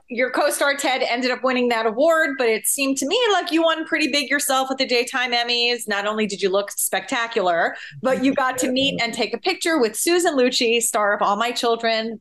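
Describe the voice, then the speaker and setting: A woman co-host who gives a measured lead-in before asking a prepared interview question. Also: a little high, a bit bright.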